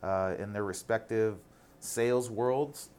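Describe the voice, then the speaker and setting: A man's voice: on the low side, slow, darkish tone, clear, resonant tone. A man in his thirties, a guest on a casual interview, telling stories candidly and animatedly, with some casual swearing.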